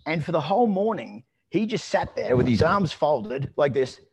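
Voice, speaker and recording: Husky-voiced man telling a story. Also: a little high, moderate pace. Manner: rambling, with frequent restarts and fillers; lively and amused when telling anecdotes. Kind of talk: conversational storytelling.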